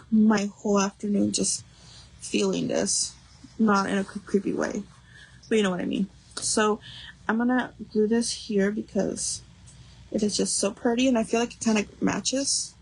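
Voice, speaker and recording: A woman's voice: medium pitch, creaky, darkish tone, husky, low-quality recording. A young adult woman hosting a craft livestream, chatting casually and rambling with lots of fillers while she works.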